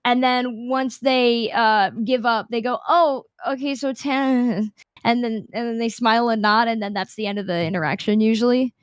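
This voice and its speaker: A woman's voice: on the high side, steady tone, moderate pace, hardly any pauses, clean tone, no room sound. Chatty young woman with a dry sound. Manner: chatty, laughing, acts out quoted people. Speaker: guest streamer. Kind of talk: casual interview chat.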